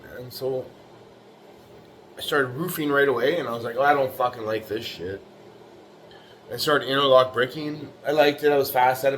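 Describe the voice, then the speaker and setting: A middle-aged man delivers a rambling, blunt motivational rant, cursing freely and tagging lines with "you know" and "right." His voice sits at an ordinary middle pitch. A faint noise runs underneath. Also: a bit bright. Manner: profane, blunt, tough-talking. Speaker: bricklayer vlogger.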